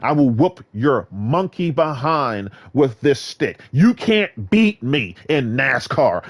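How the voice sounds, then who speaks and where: Animated trash-talking man from Virginia. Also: medium pitch, takes it slowly, hardly any pauses. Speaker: gaming vlogger. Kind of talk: casual ranting monologue.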